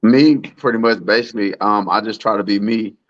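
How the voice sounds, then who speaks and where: A man's voice: on the low side, fairly quick, dry recording, muffled recording. A man from Alabama, a private chef telling stories in a laid-back, casual way. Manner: laid-back, relaxed storyteller. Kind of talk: casual storytelling chat.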